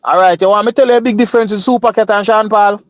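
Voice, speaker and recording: Jamaican guy arguing on a panel, slightly high voice, dull dry audio. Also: steady tone, fast talker, no room sound. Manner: argumentative, pushes back repeatedly. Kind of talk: heated panel debate.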